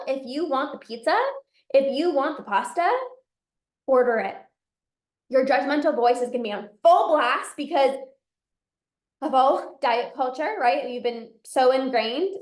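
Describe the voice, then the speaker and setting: A woman's voice: high-pitched, roomy sound. A woman, a binge eating coach, giving an emphatic motivational talk to a live audience and repeating her key phrases.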